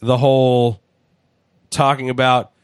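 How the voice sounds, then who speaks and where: A man's voice: medium pitch, flat delivery, takes it slowly, clear, resonant tone, no room sound. A man hosting a podcast, chatting casually and profanely with jokes, often acting out other people's lines. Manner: profane, jokey, acts out voices. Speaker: podcast host. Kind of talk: casual wrestling chat.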